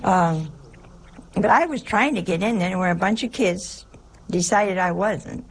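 A woman's voice: fairly low pitch, a little slow, slight background noise, low-quality recording. A woman, a nun, preaching a folksy sermon in a chatty, humorous way, full of rhetorical questions.

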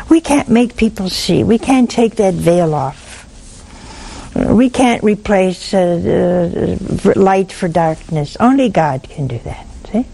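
A woman giving gentle, folksy spiritual counsel to a caller, often checking in with "see?". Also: mid-range voice, rough recording. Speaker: religious advice host.

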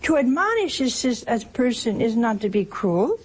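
A woman's voice: a little high, big pitch swings, normal speed, slight background noise. An older woman preaching a sermon in a homespun, teasing way, asking rhetorical questions and acting out little everyday scenes. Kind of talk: sermon on works of mercy.

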